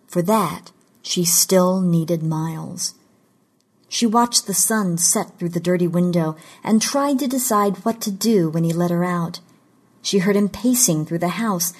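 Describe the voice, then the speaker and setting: Slow, husky woman narrator. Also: mid-range voice, darkish tone. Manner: measured, deliberate storytelling. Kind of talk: scripted audiobook narration of fiction.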